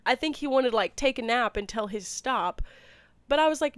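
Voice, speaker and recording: Animated young woman telling a story. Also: on the high side, a little fast, dry recording. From Midwest, Missouri. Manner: animated storyteller, lots of "like" and laughs. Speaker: podcast co-host. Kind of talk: casual chat.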